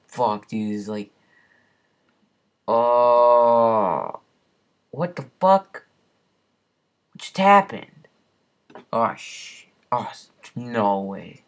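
A young man giving profane, exasperated gameplay commentary as the host of a gaming channel, swinging between muttered curses and yells. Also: medium pitch, takes it slowly, pauses often.

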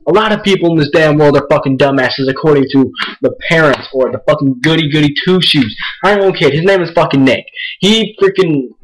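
A man's voice: a little high, poor audio. Profane ranting young man. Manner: profane, repetitive, agitated. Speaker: vlogger. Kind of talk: angry rant to camera.

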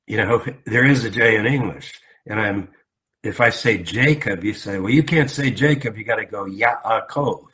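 A man's voice: fairly low pitch, a bit bright. A man teaching a casual Bible lesson, explaining word meanings conversationally with asides and rhetorical questions.

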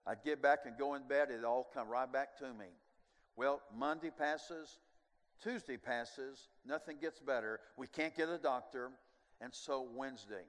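An older man preaching a sermon, telling a personal testimony as an animated storyteller who swings from hushed to loud with chuckling asides. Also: medium pitch, measured pace. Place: large church sanctuary. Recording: long reverb of a large sanctuary.

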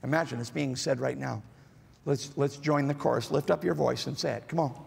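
Male pastor, gravelly, slow, halting sermon delivery, echo of a large church hall. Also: mid-range voice. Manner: slow, halting delivery with many fillers, rising to emphatic repetitions. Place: church auditorium. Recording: large hall with long reverb.

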